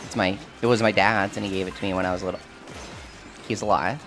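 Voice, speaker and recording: A man's voice: sits low, steady tone, fast, a bit bright, soft background music. A man streaming a game live, chatting casually with his viewers and answering their questions while he has the hiccups. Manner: chatty, self-deprecating, answers chat questions.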